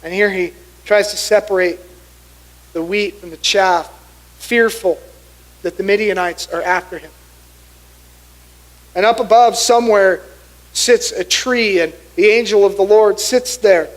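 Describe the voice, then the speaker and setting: Animated high-voiced male pastor preaching. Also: unhurried, pauses often, rough recording. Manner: animated storytelling with acted-out voices. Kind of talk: sermon. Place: church sanctuary.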